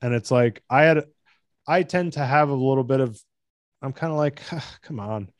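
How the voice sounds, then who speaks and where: An American man talking excitedly in a casual podcast chat, rambling and swearing. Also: medium pitch, moderate pace, no room sound. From United States.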